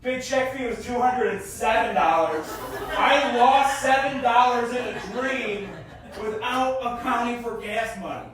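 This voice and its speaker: Stand-up comic, man in his thirties, very high voice, animated delivery with mumbled asides, heard a bit off-mic in a booming echoey room. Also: a little slow, far from the mic, crowd noise. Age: 30s. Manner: animated, bursts into shouted character voices. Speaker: stand-up comedian. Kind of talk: stand-up comedy set. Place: comedy festival stage.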